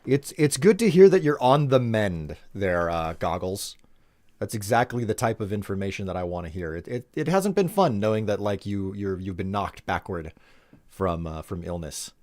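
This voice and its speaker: A man's voice: on the low side, very animated, normal speed, darkish tone, dry recording. A young man from the Upper Midwest chatting casually and joking while reading his live stream's chat.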